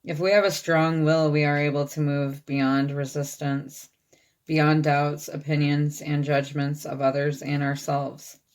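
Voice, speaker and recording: A woman's voice: sits low, flat delivery, measured pace, darkish tone. A woman giving a channeled tarot reading, reading card texts aloud and checking in with her listeners. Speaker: tarot reader.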